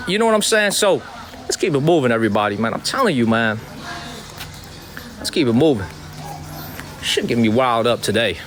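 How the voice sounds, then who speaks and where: A man's voice: a little high, expressive, brisk, a bit bright, a little hiss or hum. A man from Chicago with a Chicago accent, hosting a casual livestream outdoors, talking emphatically, repeating himself and thanking viewers by name. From Chicago, USA. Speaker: livestream host. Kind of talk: casual live-stream talk to chat. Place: outdoors in a Chinese water town.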